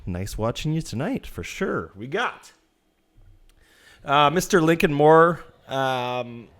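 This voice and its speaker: A man's voice: fairly high pitch, sing-song, slow pace, a bit bright. A man co-hosting a casual hockey podcast, a little nervous and stumbling over names. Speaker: podcast co-host, youth hockey coach.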